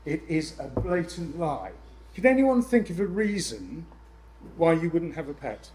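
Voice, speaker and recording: A man presenting to a room of landlords, lively and jokey with exasperated asides. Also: on the high side, measured pace, slight background noise, low-quality recording. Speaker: letting agent speaking at a landlord event. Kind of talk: live seminar presentation.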